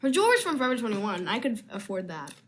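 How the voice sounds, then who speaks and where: A woman's voice: a little high, very animated, quick pace, fairly bright tone. A young woman actress chatting casually on a live video stream from home, answering fan questions in a rambling, easily sidetracked way.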